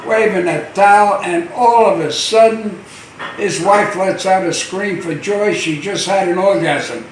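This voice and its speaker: Man telling dirty jokes slowly, roomy. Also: high voice, a little hiss or hum. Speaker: stand-up comedian. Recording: roomy sound from a distant mic.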